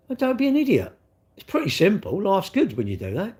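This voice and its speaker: A man's voice: sits high, huge pitch swings, brisk, darkish tone. A man with a British accent hosting a casual livestream, answering chat comments in a blunt, rambling way. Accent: British English.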